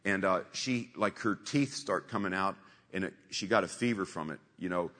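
A man's voice: low-pitched, moderate pace, a bit bright, in a large hall. A man preaching a sermon in a conversational storytelling way, repeating scripture lines for emphasis.

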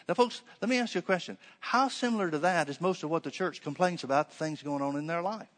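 Man, preacher, slightly high voice, conversational sermon storytelling, reverberant church hall. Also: fast, hardly any pauses, fairly bright tone. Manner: conversational, full of fillers and restarts.

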